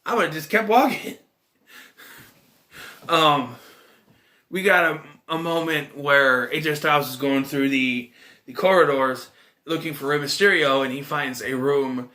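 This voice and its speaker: A man's voice: a little high, unhurried, long pauses, bright, forceful tone. A man casually recapping a wrestling event, rambling and chuckling as he tells it. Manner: rambling, chuckling, loose slangy storytelling. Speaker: wrestling vlogger.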